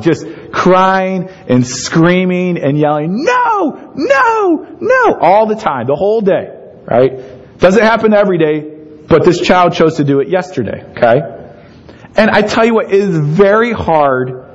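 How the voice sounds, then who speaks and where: A man preaching a sermon in a conversational, animated way, with asides to the congregation. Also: sits high, a little slow, lo-fi sound. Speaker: pastor.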